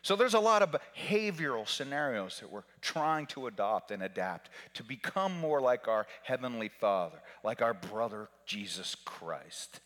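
A man preaching a sermon in a church, his bright, forceful voice rising to shouts and dropping to hushed near-whispers. The pitch swings widely as he drives home his points. A long reverb trails behind every phrase. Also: lively intonation, moderate pace, hardly any pauses.

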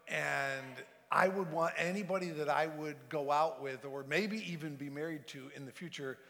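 Gravelly man preaching in a reverberant sanctuary. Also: on the high side. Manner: storytelling, earnest, varies loudness for effect. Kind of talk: sermon testimony. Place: large church sanctuary. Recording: long reverb of a large sanctuary.

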